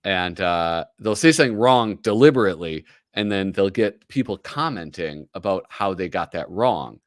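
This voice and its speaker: A man's voice: low voice, lively intonation, normal speed, no room sound, studio quality. A man hosting a casual livestream, rambling and self-deprecating as he reads through comics. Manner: rambling, self-deprecating, lots of fillers and laughs. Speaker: host. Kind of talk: casual livestream chat while reading comics. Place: home streaming setup.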